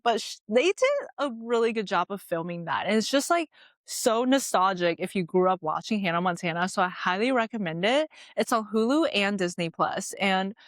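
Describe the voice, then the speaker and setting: A woman's voice: mid-range voice, a bit bright, no echo, clean studio sound. A young woman hosting her own podcast, talking in a loose, free-flowing way full of "like" and "you know". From moved to America at age ten. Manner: chatty, free-flowing, lots of "like". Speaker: podcast host. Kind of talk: casual chat.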